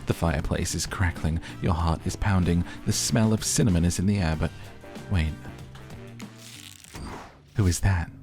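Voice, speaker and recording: A man with a deep, gravelly voice narrates a dating game playthrough, dropping in playful and wry asides. Music plays steadily behind him. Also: normal speed, hardly any pauses.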